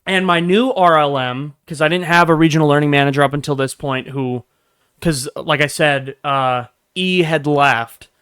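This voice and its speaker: A young man telling a workplace story in a casual, profane, animated rant, swinging between low mutters and loud bursts. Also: normal speed, clear, resonant tone. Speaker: vlogger.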